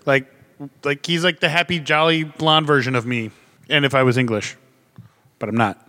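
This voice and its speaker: Easygoing dude hosting a podcast, jokey, chill banter. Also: male voice, on the high side, fairly even intonation, normal speed, bright, forceful tone, big-room sound. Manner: laid-back, joking, says he ruined his voice. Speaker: podcast host. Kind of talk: casual chat.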